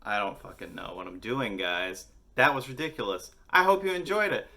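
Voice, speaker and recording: A man's voice: fairly low pitch, animated, moderate pace, gravelly, sharp tone. A young man hosting a daily music vlog, chatting casually with constant swearing and jokey rants, his voice a bit worn from singing. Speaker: host of a daily music video series. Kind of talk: casual, profane vlog chat.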